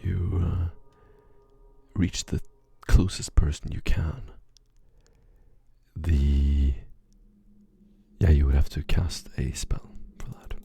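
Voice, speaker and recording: A man narrating a tabletop game as game master, describing scenes in a measured way with soft near-whispered asides. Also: a bass voice, fairly even intonation, creaky, breathy edge, faint music behind.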